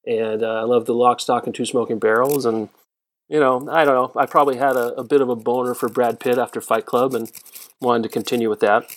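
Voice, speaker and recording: Brief: male podcast guest, joking and flirty, easygoing, mid pitch. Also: steady tone, brisk. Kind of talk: casual podcast chat.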